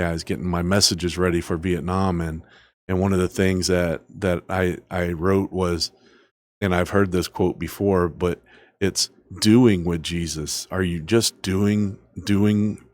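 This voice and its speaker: Low-voiced man preaching with emphasis. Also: darkish tone. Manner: emphatic, repeats lines and asks rhetorical questions. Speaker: podcast host and preacher. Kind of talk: preaching sermon.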